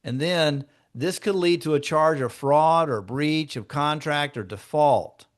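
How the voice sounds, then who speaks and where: A man with a voice of ordinary pitch leads a training session for real estate agents. He teaches through anecdotes and talks casually with the group, as if they were colleagues. When he tells a story he acts out what each person said. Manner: conversational, acts out client dialogue in shifting tones.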